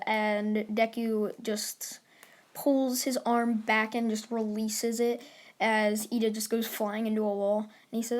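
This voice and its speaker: A woman with a somewhat high voice tells a story casually, as if thinking it up on the spot. She rambles, leans on "like" and "basically", and switches between rushed bursts and slow, drawn-out pauses. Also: little pitch movement. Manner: quick bursts of words mixed with slow pauses. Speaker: anime fan storyteller.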